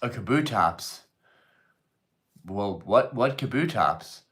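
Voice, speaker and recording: A man's voice: lowish voice, lively intonation, slow, a bit bright. Laid-back man hosting a live stream. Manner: loose, joking, swears freely, reads viewer messages aloud. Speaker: livestream host reading chat. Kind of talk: casual livestream chat.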